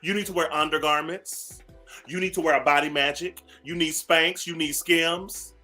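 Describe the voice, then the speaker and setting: A man's voice: fairly high pitch, steady tone, moderate pace, pushed and bright, soft background music. A man hosting a morning radio show, ranting sassily at listeners and repeating phrases for emphasis. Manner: sassy, preachy, calls listeners "baby". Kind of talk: talk radio rant.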